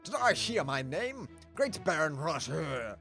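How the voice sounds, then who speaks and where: A man's voice: on the high side, very animated, a little slow, vocal fry, pushed and bright, faint music behind, heavily acted. A man voicing a smug, wealthy male lion baron with a put-on French accent and a pompous, gracious manner.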